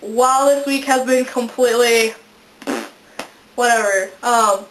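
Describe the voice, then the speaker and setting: A young woman in her twenties chats to camera in a casual vlog, her voice sitting a little high. She giggles often and makes fun of herself as she goes. The room around her rings with some echo. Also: unhurried, a bit bright, slight background noise. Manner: chatty, giggly, self-deprecating. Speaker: vlogger. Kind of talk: casual chat. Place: indoors, a room in a house. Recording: echoey room.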